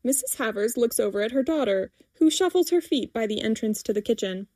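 Woman narrator, wry measured reading, higher voice. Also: lively intonation, darkish tone, dry recording, studio quality. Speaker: story reader. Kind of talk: scripted narration.

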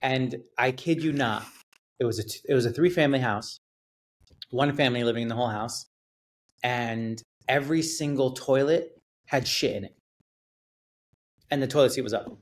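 A man guest on a podcast, telling a story in a casual, animated way, swearing and acting out what people said. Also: medium pitch, moderate pace, long pauses. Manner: animated storyteller, acts out quotes, swears, laughs. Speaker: realtor guest.

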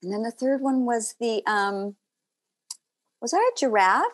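A woman actor chatting as a podcast guest, telling stories in an animated way with laughing asides. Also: on the high side, measured pace. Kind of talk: casual interview chat.

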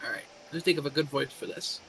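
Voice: mid-range voice, fast talker, fairly bright tone, slight background noise, rough recording. A let's-play co-host chatting casually and reacting with upbeat energy while playing a game. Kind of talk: casual gaming chat.

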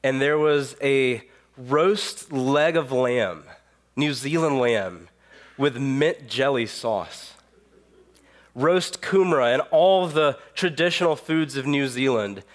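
Pastor in his thirties, with a cold. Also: mid-range voice. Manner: storytelling, relaxed with fillers. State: has a cold. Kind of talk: sermon. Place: church sanctuary.

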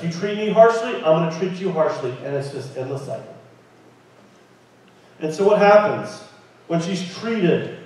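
A man preaching a sermon in a church, lively and conversational, often asking the congregation questions. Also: high voice. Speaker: pastor. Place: church sanctuary. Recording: very echoey room, mic at a distance.

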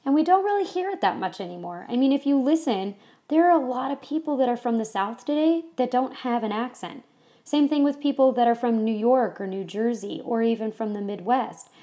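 A woman's voice: on the high side, expressive, brisk, warm tone. A woman from California giving a casual history lecture to a class, chatty and full of ums and you-knows. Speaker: history teacher.

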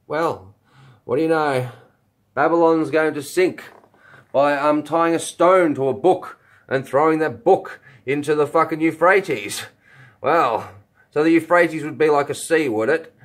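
A man's voice: fairly high pitch, a little slow. A man rambling through a vlog monologue, swearing often and firing rhetorical questions at himself. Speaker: video blogger.

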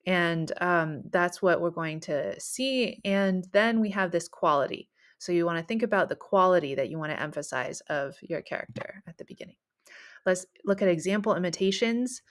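A woman teaching a writing lesson, explaining sentence patterns in a clear, patient way and reading example sentences aloud. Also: on the low side.

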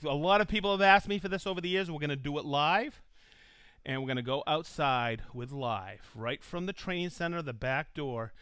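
A man's voice: on the high side, bright, forceful tone, clear, resonant tone, dry recording. A man hosting a live stream, cheerfully reading out viewers' hometowns and joking with his crew. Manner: upbeat, reads viewer locations aloud, jokey. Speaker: live show host. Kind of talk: casual live-stream chat.

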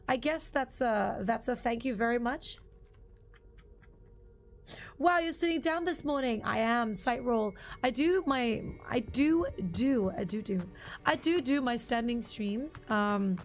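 A young woman streaming a game live, chatting casually with viewers and greeting them by name while her voice is partly lost and slightly strained. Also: a little high.

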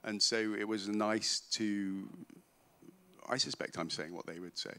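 A man's voice: on the low side, fairly even intonation, unhurried, bright, forceful tone. A male author on a festival stage, telling anecdotes with laughter and self-mockery. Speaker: author being interviewed. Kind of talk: live storytelling at a literary festival. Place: festival stage before a live audience.

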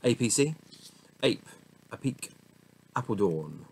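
A man's voice: mid-range voice, lively intonation, slow pace, vocal fry, poor audio. A man reading dictionary entries aloud one by one, stumbling over pronunciations and muttering asides to himself. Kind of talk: casual word-by-word reading. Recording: faint background noise.

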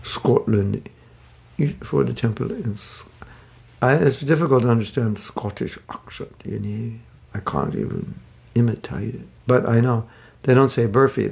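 A man's voice: mid-range voice, animated, unhurried, gravelly, darkish tone, husky. A man giving a casual online scripture class as teacher, rambling and joking at his own expense. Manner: rambling, self-mocking humor. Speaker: spiritual teacher.

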